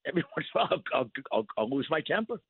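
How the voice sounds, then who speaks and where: An older man, a guest in a casual radio interview, telling stories with animated repetition and laughs. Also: fairly high pitch, racing, gravelly, breathy edge, dry recording. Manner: animated storytelling, repeats words, laughs. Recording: thin phone-line sound.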